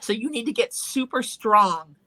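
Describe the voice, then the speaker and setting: A woman's voice: fairly high pitch, lively intonation, normal speed, sharp tone. A woman hosting a call-in talk show, giving earnest, encouraging advice in a conversational way. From Irish heritage. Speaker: psychic talk show host.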